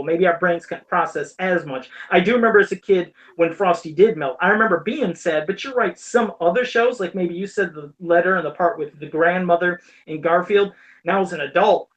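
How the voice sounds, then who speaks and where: A man's voice: sits high, fairly bright tone. Rambling, laughing podcast host man. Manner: rambling, laughs often, swears casually. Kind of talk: casual chat.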